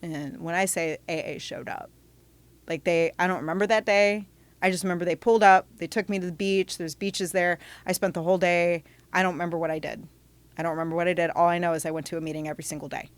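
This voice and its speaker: Woman guest, frank storyteller, lowish voice, dry close mic, animated delivery with quick restarts. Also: no room sound. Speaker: podcast guest. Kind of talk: candid storytelling in conversation.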